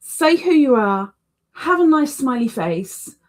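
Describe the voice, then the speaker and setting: A woman hosting a relaxed livestream, talking slowly and unhurriedly. Her voice sits a little high, and she is chatty, leaning on repeated words for emphasis. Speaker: livestream host. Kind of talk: casual livestream chat.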